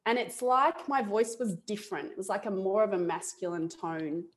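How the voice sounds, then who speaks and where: A middle-aged woman with an Australian accent tells her story as an interview guest, lively and chatty. She laughs easily and acts out her own past thoughts as she goes. Her voice sits at an ordinary middle pitch. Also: normal speed.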